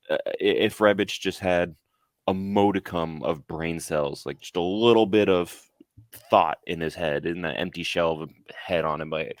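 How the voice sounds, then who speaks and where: Man, low voice, tired, frustrated rant, dry close sound, podcast co-host. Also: dry recording. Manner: frustrated ranting, repeats words. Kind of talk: casual football podcast rant.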